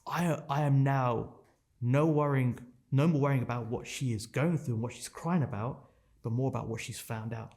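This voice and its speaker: Male guest, 30s; raw and emotional, punchy repetitions, frequent swearing, middle pitch. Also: moderate pace, a little mellow. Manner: raw, intense, swears often, repeats phrases for emphasis. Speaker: podcast guest. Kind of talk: emotional personal storytelling.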